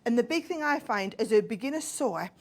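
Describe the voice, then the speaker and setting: A crafting guest expert from northern England, this woman has a slightly high, expressive voice and a brisk pace. She walks through a sewing demonstration step by step in a chatty way, checking in with "right?" as she goes.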